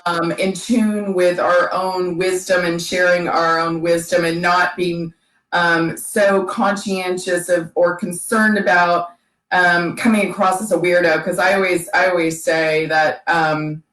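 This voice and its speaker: Guest, middle-aged woman, slow unhurried delivery, hesitant, roomy echo. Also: on the low side, little pitch movement, fairly bright tone. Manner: halting, many fillers and restarts. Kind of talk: casual interview chat. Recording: echoey room.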